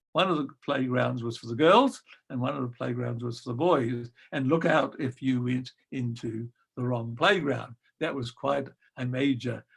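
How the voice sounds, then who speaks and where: An older man recalls his past in an unhurried, gently amused way, filling pauses with soft ums. His voice carries a gravelly edge at a middling pitch. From New Zealand. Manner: gentle, wry storytelling with frequent ums. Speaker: guest storyteller. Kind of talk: reminiscing anecdote.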